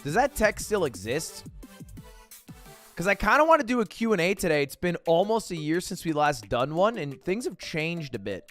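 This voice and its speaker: Animated young man streaming, swearing freely. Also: on the high side, moderate pace, soft background music. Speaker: livestream host. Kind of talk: casual chat with viewers.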